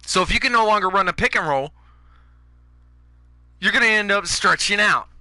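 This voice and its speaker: A man's voice: high voice, moderate pace, pushed and bright, no room sound. A man ranting over gameplay, profane and fired up, going after other players' habits. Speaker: gaming YouTuber.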